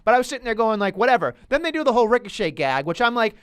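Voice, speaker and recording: A man's voice: very high-pitched, very animated, very fast, clear, resonant tone, no room sound, clean studio sound. Ranting, profane podcast man. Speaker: podcast co-host. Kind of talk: casual wrestling chat.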